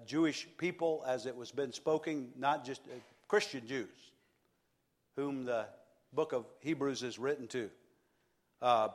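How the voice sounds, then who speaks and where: A male pastor delivers a sermon in an earnest, steady voice. He repeats key phrases and leans on pauses for emphasis. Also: mid-range voice.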